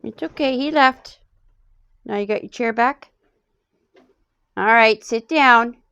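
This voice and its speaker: Cooing woman with a gravelly voice. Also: a little high, takes it slowly, pushed and bright, no echo, highs cut off. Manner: cooing, baby-talk to animals. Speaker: pet owner. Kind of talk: casual talk to pets.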